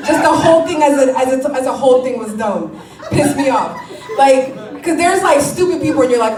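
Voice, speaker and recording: A woman performing a stand-up comedy set, animated and laughing often, swearing and mocking what people say. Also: sits high, fairly quick, echoey room, far from the mic, a crowd in the background, rough recording.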